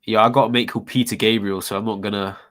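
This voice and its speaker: A man's voice: on the low side, little pitch movement, fast talker, fairly bright tone. A man with a British accent, a guest in a casual chat, talking in an opinionated way and laughing easily. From United Kingdom.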